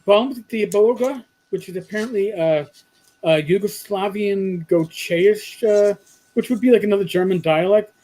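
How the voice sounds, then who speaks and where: A man's voice: sits high, moderate pace, warm tone, low-quality recording. A man from New York with a New York accent, co-hosting a casual live-stream chat and reading out comments. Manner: chatty, trailing off and restarting, reading out comments. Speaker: co-host.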